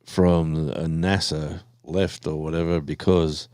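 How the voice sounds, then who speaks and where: A man's voice: extremely low pitch, little pitch movement, slow, a little mellow, no echo, clean studio sound. An Australian man chatting casually and rambling on a live stream, talking to his viewers in an easygoing way.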